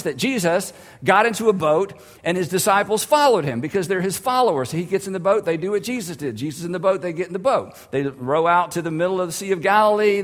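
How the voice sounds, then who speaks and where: A man preaching a vivid, conversational sermon with dramatic pauses, retelling a story for his congregation. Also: high-pitched. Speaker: pastor. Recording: long hall reverb.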